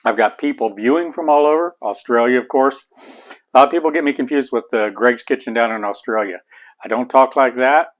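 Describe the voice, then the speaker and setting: A middle-aged man with an Appalachian accent hosts a home cooking channel, chatting casually to viewers from his home kitchen. He's chatty, folksy, and rambling, speaking fairly quickly in a mid-range voice.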